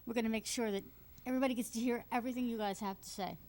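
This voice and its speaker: A woman's voice: on the high side, fairly even intonation, rapid-fire, warm tone, a little hiss or hum. A woman in her fifties co-hosting a local TV chat show, chatty and teasing, in a studio. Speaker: co-host.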